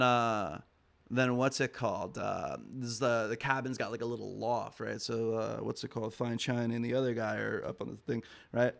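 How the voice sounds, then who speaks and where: A man's voice: medium pitch, fairly even intonation, a little fast, vocal fry, a bit bright. A man as a podcast guest, telling a long story casually with lots of swearing and fillers. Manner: rambling, profane, heavy on "I'm like" and fillers.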